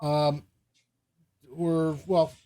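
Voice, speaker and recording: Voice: mid-range voice, little pitch movement, very slow, mellow. A game master narrating a live tabletop game, with rambling descriptions full of fillers.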